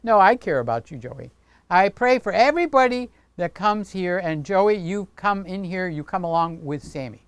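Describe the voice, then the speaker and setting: Man, livestream host, chatty and playful, smooth clear voice, dry close mic. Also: high-pitched, lively intonation, normal speed, no room sound. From Greek heritage. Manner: chatty, playful, talks with his hands. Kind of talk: casual livestream chat.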